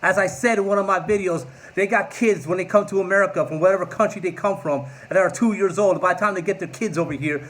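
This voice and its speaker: A man in his forties delivers a combative political rant straight to camera. His voice sits fairly high for a man, and he keeps a sarcastic, mocking edge throughout. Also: fairly bright tone. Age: 40s. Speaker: political vlogger.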